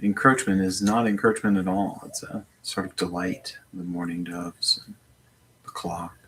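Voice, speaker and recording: A man guiding a mindfulness meditation from his home in a slow, gentle voice with long pauses. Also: fairly low pitch, sing-song, creaky, a little hiss or hum. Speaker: meditation teacher. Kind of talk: guided meditation.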